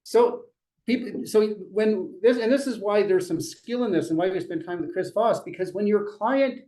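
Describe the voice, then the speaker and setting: A middle-aged man leading a real estate team meeting, talking in a lively, joking way and acting out what clients say. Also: high-pitched, normal speed, rough recording. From Dutch family. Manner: lively, jokey, acts out clients' voices. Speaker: brokerage leader running a team meeting. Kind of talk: motivational meeting talk.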